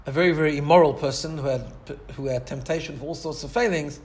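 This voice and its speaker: A Torah teacher with a slightly higher-than-usual voice gives a sermon as a long, earnest story. He speaks fast, often restarting and repeating words as he talks it through.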